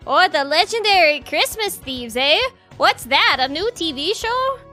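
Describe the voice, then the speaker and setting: A woman's voice: very high voice, very animated, a little slow, pushed and bright, soft background music, exaggerated voice. A woman voicing a young student bird, the game's hero, in a put-on Canadian accent, earnest and plain.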